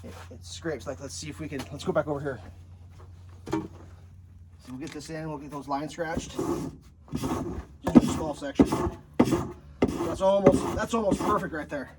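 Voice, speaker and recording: A man's voice: a little high, moderate pace, pauses often, heavy background noise. A man who builds homes, talking through a casual how-to vlog at an outdoor building site while digging and scraping. He talks bluntly, jokes around and swears freely, recorded on a handheld camera. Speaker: home builder. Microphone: handheld camera, some of it filmed one-handed by himself.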